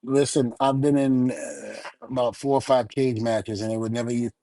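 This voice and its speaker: A middle-aged man, a retired wrestler telling lively stories on a podcast and acting out the lines he quotes. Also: mid-range voice, moderate pace, no room sound. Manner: animated storyteller, shouts out quoted lines. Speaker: retired pro wrestler, co-host. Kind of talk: casual podcast storytelling.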